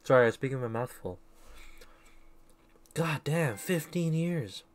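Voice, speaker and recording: A man's voice: fairly high pitch, expressive, unhurried. Rambling self-deprecating male streamer. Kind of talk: casual gameplay commentary.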